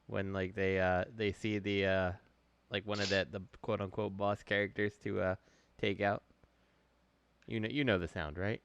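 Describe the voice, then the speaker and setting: A man in his thirties co-hosting a podcast, talking in halting, filler-laden, wry casual banter. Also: fairly low pitch, little pitch movement, fairly bright tone, clean tone, highs cut off. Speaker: podcast co-host.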